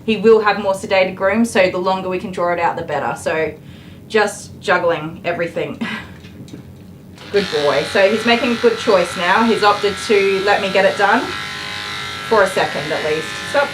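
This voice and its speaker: A woman groomer talks through a live stream while she works on a dog. She snaps short firm commands at the dog, then explains her handling to viewers in an easy conversational way. Electric clippers buzz clearly behind her voice, and her pitch sits in a normal middle range. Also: normal speed, noisy background.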